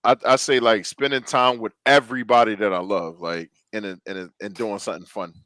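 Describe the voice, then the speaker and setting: A man co-hosting a podcast, talking in a relaxed, laid-back way and dropping his voice low. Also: normal speed, dry recording. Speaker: podcast co-host. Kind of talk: casual chat.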